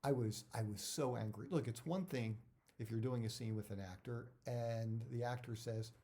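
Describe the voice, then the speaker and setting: A man's voice: medium pitch, normal speed, mellow. A middle-aged man, an actor, giving career advice in a casual talk that rambles, repeats words and drifts off topic.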